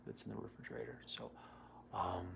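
A man's voice: fairly quick, noisy background. A middle-aged man hosting a casual livestream as a psychic medium, greeting viewers by name and answering comments with many fillers. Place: home in Washington, D.C.

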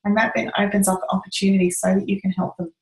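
A woman's voice: medium pitch, flat delivery, fast talker, roomy sound, low-quality recording. A woman giving earnest advice to parents, telling stories with frequent "um"s. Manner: earnest, storytelling with many "um"s and acted quotes. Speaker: parenting educator.

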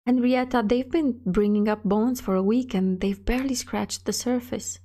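A woman's voice: fairly high pitch, fairly even intonation, normal speed, mellow, natural voice. A woman reading the part of a middle-aged male sheriff, heavy with guilt and self-reproach, in a storybook reading. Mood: troubled.

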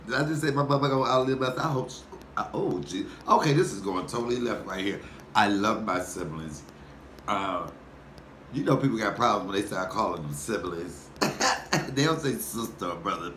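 A man's voice: lowish voice, moderate pace. Profane man ranting at camera. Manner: profane, animated storytelling. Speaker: comedian vlogger. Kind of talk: casual mukbang rant. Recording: echoey room with faint noise.

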